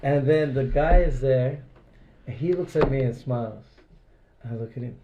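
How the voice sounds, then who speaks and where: At a medium pitch and normal speed, a man tells rambling stories during an informal devotional class held in a private house. He uses many "like" fillers and acts out the dialogue, with background noise audible.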